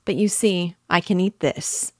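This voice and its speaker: A woman reading the lines of a sly, urbane middle-aged man who talks in a smooth, teasing, unhurried way. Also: lowish voice, no room sound, clean studio sound, pitched above the performer's own voice.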